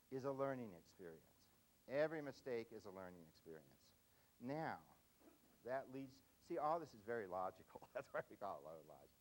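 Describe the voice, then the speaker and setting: A man's voice: medium pitch, low-quality recording. An older man giving a humorous parenting lecture, folksy, telling a story and tagging his points with "see?". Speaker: parenting speaker.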